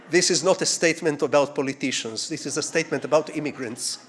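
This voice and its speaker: A man's voice: fairly high pitch, quick pace, hardly any pauses, a faint crowd. Older Israeli man lecturing, digressive storyteller. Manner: digressive, with rhetorical questions and sweeping dramatic shifts in loudness. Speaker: guest lecturer.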